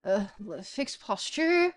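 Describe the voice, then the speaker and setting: Woman streamer reading a book aloud, slow and halting, tired, stumbles over foreign words. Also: mid-range voice, big pitch swings. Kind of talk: casual live-stream reading with chat.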